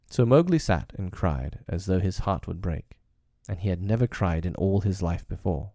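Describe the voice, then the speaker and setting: Low dark-voiced guy reading a public domain story, dry close sound, home setup. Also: animated, no room sound. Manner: measured, hesitant outside the script. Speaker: audiobook podcast narrator. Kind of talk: scripted story narration.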